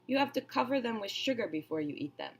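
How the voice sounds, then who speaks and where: A woman's voice: on the high side, lively intonation, quick pace, slight background noise, pitched above the performer's own voice, close to an everyday voice. A woman voicing a smaller male crocodile in a storybook read-aloud, primly disgusted at the idea of eating children.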